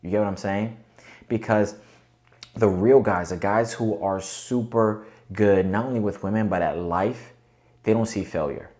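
In a relaxed motivational talk, this man hosting a podcast coaches his audience, often pausing for rhetorical check-ins. He speaks a little slowly in a lowish, slightly mellow voice.

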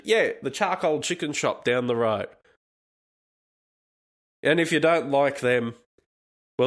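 A man's voice: medium pitch, a bit bright. An Australian man hosting a comedic podcast, ranting in a sweary, sarcastic and rambling way. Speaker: podcast host.

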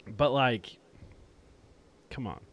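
A man's voice: medium pitch, drawn-out words, fairly bright tone. A young man hosting a casual podcast, chatting in a laid-back way and laughing often. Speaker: podcast host. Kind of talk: casual podcast chat and read ad.

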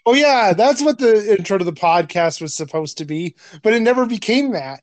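A man's voice: high voice, animated, moderate pace, no echo. A man co-hosting a podcast in casual chat, blunt and profane, laughing often. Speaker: podcast co-host.

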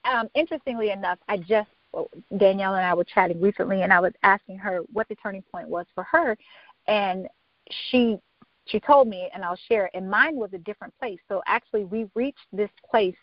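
A woman's voice: mid-range voice, brisk, no echo. Woman guest on a podcast telling her story, earnest, kinda muffled dull audio. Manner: earnest storyteller, acts out quoted voices. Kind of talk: casual interview chat.

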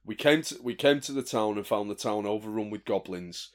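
A man's voice: on the low side, a little fast, natural voice. A man playing a flustered, stammering adventurer. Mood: earnest. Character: earnest adventurer demanding answers.

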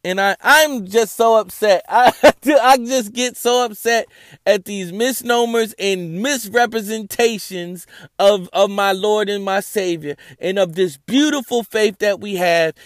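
A man with a high voice preaches through scripture with fiery conviction, swinging between sarcasm and passion. His sound is close and dry, with no room around it. He talks like a Bible teacher on his own show. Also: dry recording. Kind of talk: impassioned Bible study.

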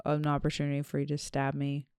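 A woman's voice: low-pitched, completely flat delivery, fast talker, darkish tone, clean tone, dry recording, studio quality. A young woman co-hosting a podcast, teasing her co-host and laughing easily. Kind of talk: casual chat.

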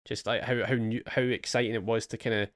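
A young man hosting a casual gaming chat, telling relaxed stories with swearing and bursts of remembered excitement. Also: medium pitch, a little fast, dry recording. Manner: relaxed storytelling, swears, acts out his past excitement. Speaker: podcast host.

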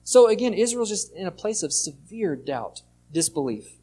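A man's voice: high-pitched, sing-song, moderate pace, mellow, slight background noise. A male pastor giving a sermon, reading scripture aloud and explaining it in a conversational way.

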